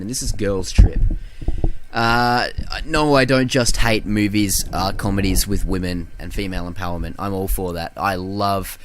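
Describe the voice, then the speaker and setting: A young man co-hosting a podcast, chatting casually about bad films, swearing freely, filling pauses with ums and mocking quotes in silly voices. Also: fairly low pitch, a bit bright, a little hiss or hum. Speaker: podcast co-host. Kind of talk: casual film review chat.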